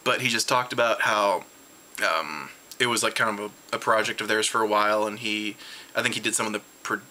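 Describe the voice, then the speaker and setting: A tired man at home, rambling excitedly through a casual convention recap with lots of restarts. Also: a little fast. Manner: jumps high in pitch when retelling his reactions. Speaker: vlogger reviewing a convention.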